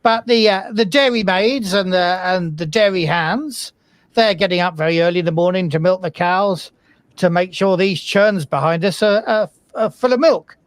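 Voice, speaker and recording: A friendly, rambling drayman , put on by a game master, talks about farm life in a West Country accent. The voice sits mid-pitch and sounds dry and close, with no room around it. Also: normal speed, dry recording, lightly acted. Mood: chatty. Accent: West Country English. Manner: rambling, folksy, chatty.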